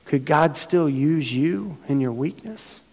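A middle-aged man preaching a sermon as pastor, his voice hoarse from losing it, earnest and building to emphatic passages. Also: fairly high pitch, slow, a little mellow, in a large hall. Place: church sanctuary.

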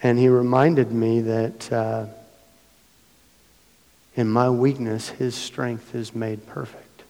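A middle-aged man preaching a sermon as pastor, his voice hoarse from losing it, earnest and building to emphatic passages. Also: mid-range voice, level tone, slow pace, warm tone, in a large hall. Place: church sanctuary.

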